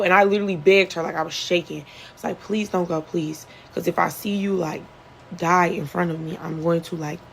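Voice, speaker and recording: A woman's voice: fairly bright tone, rough recording. Young woman telling her own story. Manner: earnest, conversational, re-enacts others' words with shifts in pitch. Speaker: storyteller, survivor recounting events. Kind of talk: casual first-person storytelling.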